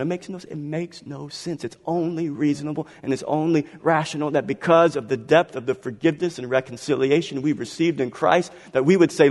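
A slightly high-voiced man preaches to a congregation, his words ringing with long reverb through a church sanctuary. He moves between quiet, slow phrases and loud, pushing ones. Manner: dynamic preaching, swinging between soft and loud. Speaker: pastor. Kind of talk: sermon.

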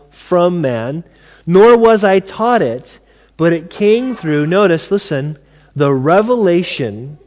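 Male pastor, fairly high voice, preaches with lively swings from loud to hushed. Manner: animated preaching, acting out scripture voices, drops to quiet asides. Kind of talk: sermon.

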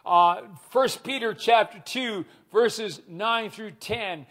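A man's voice: high voice, animated, slow pace, few pauses, a bit bright. A man preaching a sermon, reading scripture aloud and leading the congregation to repeat lines after him, earnest, with frequent restarts. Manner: reads scripture aloud and leads the congregation in call-and-response. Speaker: pastor.

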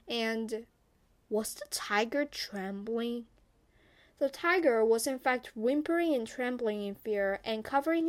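Woman reading a kids folktale, slow, kinda high voice. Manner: slow, expressive storytelling. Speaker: storyteller.

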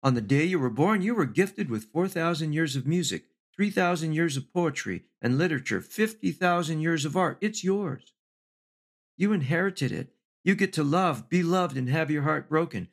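A middle-aged man giving an inspirational speech to an audience. He talks in measured, slow lists, lifts his pitch for emphasis and drops in the odd wry aside. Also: animated. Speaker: motivational speaker.

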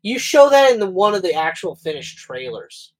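A male podcast co-host with a high voice and big pitch swings speaks at a moderate pace. In casual chat he tells stories animatedly, acting out quotes and swearing freely.

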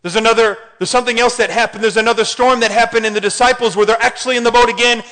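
A man preaching a sermon in an animated way, often asking the congregation questions. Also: extremely high pitch, racing. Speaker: pastor. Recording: hall reverb.

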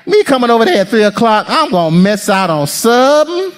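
Here a pastor with a very high voice and a fairly quick pace preaches to his congregation. His sermon is animated, full of calls to the listeners and acted-out voices.

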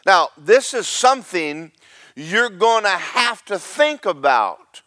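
Pastor, high tenor, preaching sermon with big dynamic swings, close dry mic. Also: male voice, very animated, no room sound. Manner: preaching with swings from loud and slow to quiet and quick.

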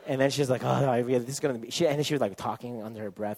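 A man in his thirties preaching at a camp, telling a personal story with lively acted-out voices and frequent laughter. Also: mid-range voice, rapid-fire. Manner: animated storyteller, acts out voices, laughs often. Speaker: camp speaker. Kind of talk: sermon with storytelling.

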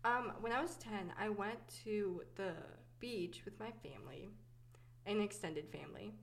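A woman's voice: mid-range voice, measured pace, vocal fry. A young woman hosting a podcast, telling personal stories in casual chat, chatty and giggly with many fillers. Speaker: podcast host.

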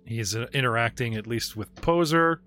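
A man narrating and running a tabletop role-playing game as game master, animated and laughing, slipping into quick character voices. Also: mid-range voice. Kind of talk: narrating a tabletop game over video call. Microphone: video call.

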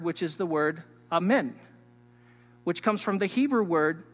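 A man preaching a sermon as a pastor, emphatic and teacherly, swinging between loud stresses and hushed asides while he speaks straight to his listeners. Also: high voice, lively intonation, a little slow. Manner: teacherly, addresses the listeners directly. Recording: long hall reverb.

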